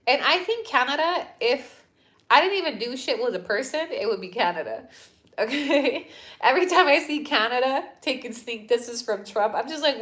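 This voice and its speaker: A young woman hosting a casual livestream, talking bluntly with lots of swearing and animated rants. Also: a little high, moderate pace. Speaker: host of a livestream.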